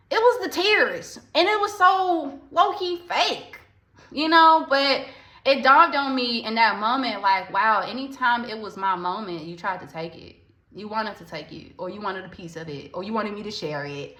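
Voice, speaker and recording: Woman telling a storytime, bright voice, echoey room, talks right to viewers. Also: mid-range voice. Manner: candid, repeats phrases for emphasis, addresses viewers directly. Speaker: vlogger, spiritual healer. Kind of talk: casual storytime monologue.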